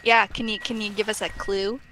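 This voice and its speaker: A woman's voice: mid-range voice, little pitch movement, a little fast, noisy background. A woman co-hosting a casual live stream, teasing dryly and reading out chat messages. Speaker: co-host.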